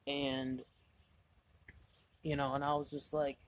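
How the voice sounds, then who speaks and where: A man's voice: medium pitch, little pitch movement, moderate pace, darkish tone. A man vlogging casually, rambling through a story with lots of "I was like" asides, exasperated and mocking himself.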